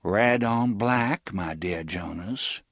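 A man voicing a gaunt, haughty older landowner with a cool, measured manner in an audiobook. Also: lowish voice, a bit bright, no echo, clean studio sound, exaggerated voice. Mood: disdainful. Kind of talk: audiobook character voice.

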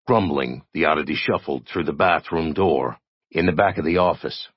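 A man reading a story aloud in a steady, expressive narration. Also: a bass voice, normal speed, breathy edge, dry recording, highs cut off. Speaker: audiobook narrator. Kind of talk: scripted narration.

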